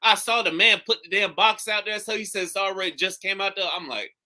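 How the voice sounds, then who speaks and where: A man's voice: high voice, brisk, slight background noise. A man hosting a podcast, telling jokey stories in loose casual chat full of swearing. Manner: animated, swearing, jokey storytelling. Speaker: podcast host. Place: recording studio.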